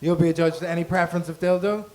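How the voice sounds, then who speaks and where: A man's voice: on the high side, fairly even intonation, racing, darkish tone. A man hosting a comedy night, doing teasing crowd work with swearing and laughter. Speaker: comedy show host. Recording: noisy live room mic.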